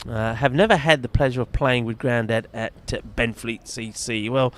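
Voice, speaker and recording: Outdoors at a cricket ground, a man gives live, chatty commentary at a match and banters with nearby fielders. He speaks at a medium pitch and a moderate pace.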